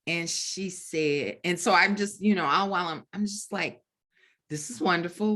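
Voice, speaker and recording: A middle-aged woman, an author, telling a story in an animated way at a bookstore event, with lots of fillers and restarts. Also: on the low side, normal speed. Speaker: author guest. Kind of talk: storytelling conversation at a book event.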